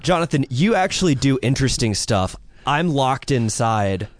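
A man's voice: medium pitch, big pitch swings, normal speed, no room sound. A man guesting on a podcast as an automotive journalist, making dry, understated remarks. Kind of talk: casual podcast chat.

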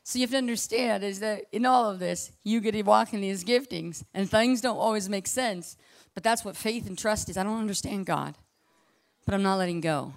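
A woman preaching in a loose, conversational way, peppering her talk with "like" and quick asides. She is impassioned, dropping to a hush one moment and rising loud the next. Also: medium pitch. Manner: impassioned, swings between hushed and loud; casual, full of "like" and asides. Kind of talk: conversational sermon.

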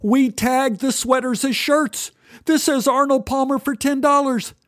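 A man voicing his own fifteen-year-old self, a frantic boy in a storytelling piece, in a shrill, panicky voice. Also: steady tone, unhurried, a bit bright, no room sound, studio quality. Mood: panicked.

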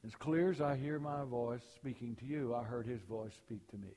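An older man preaching a sermon, telling folksy personal stories and rising high and loud for punchlines. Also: moderate pace, big-room sound.

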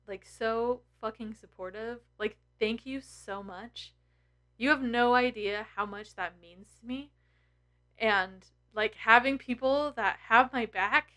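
Woman in her 30s, bright voice pitched a bit high, openly emotional vlog talk, swears a lot. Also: fairly even intonation, measured pace. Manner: emotional, blunt and heavy on swearing. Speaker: tarot content creator. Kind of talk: candid personal vlog.

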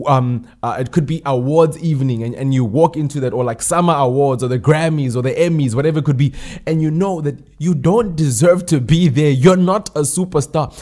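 A man's voice: medium pitch, mellow. A man preaching a sermon, emphatic, repeating key phrases and asking the listeners rhetorical questions.

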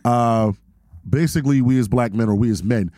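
A man's voice: medium pitch, normal speed, dark tone, no room sound, studio quality. A man, hosting a podcast and telling stories in a laid-back, profane way. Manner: laid-back storyteller, swears freely. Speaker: podcast host. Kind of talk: casual profane chat.

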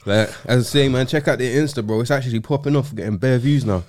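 A man's voice: medium pitch, quick pace, a little mellow. A young man hosting a podcast, talking in laid-back, slang-heavy casual chat. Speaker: podcast host.

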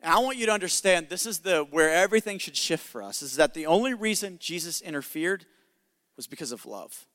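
A man's voice: on the high side, animated, fairly quick, a bit bright, big-room sound. A male pastor preaching a sermon in an emphatic, conversational way with jokes.

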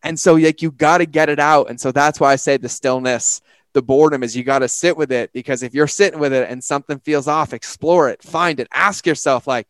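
A man in recovery chatting on a podcast, telling personal stories with lively acted-out quotes. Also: a little high, a little fast, no echo. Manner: animated storyteller, acts out quotes. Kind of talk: casual conversation.

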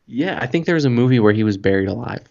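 Laid-back Canadian male co-host, dry humor, lively pitch, muffled sound. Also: very fast, gravelly. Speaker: podcast co-host. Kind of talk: casual chat. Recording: dull lo-fi sound.

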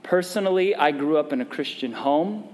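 A man's voice: on the high side, lively intonation, moderate pace, darkish tone, long reverb tail. A male pastor preaching a conversational sermon and prompting the congregation to respond. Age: adult parent.

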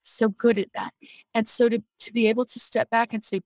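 A woman's voice: a little high, flat delivery, a little fast, a little mellow, no echo, rough recording. A woman on a video call from her home, sharing her faith in an earnest, reflective way and often restarting her sentences. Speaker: guest on a faith discussion call. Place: home near an air base.

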